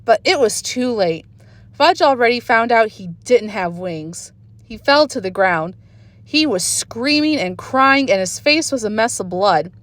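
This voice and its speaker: Woman reading kids' book aloud, lively pitch, bright-ish, dry phone recording. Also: unhurried, no echo. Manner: expressive storytelling. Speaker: reader. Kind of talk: children's book read-aloud.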